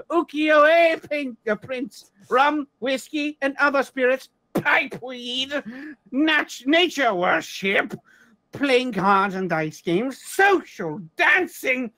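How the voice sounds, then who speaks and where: A man's voice: very high voice, sharp tone, no echo, full character voice, low-quality recording. A man voicing a stern fire-and-brimstone temple preacher, reading a paid ad from a fan newspaper in a put-on accent, in a dry room. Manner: stern, sermonizing proclamation.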